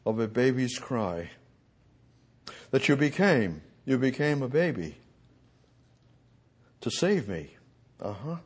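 A man preaches with a husky edge to his voice. He swings from ringing, emphatic declarations down to near-whispered asides and calls out to God as he goes. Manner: dramatic swings from booming to hushed, speaking to God. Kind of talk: sermon.

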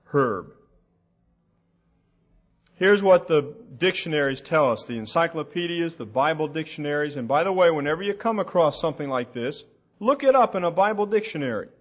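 A man teaching a sermon from the Bible, slow and deliberate, asking the audience questions as he reads out passages. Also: on the high side. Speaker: preacher.

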